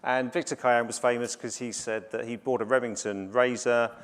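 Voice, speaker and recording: A man's voice: medium pitch, fairly even intonation, moderate pace. A middle-aged man from the UK giving a business conference presentation, conversational with many fillers and restarts. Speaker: conference speaker. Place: conference stage.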